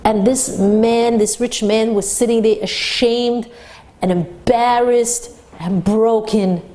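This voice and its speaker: A woman teaching a Torah class for women, retelling a story with animated, dramatic delivery. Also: fairly high pitch, slow pace.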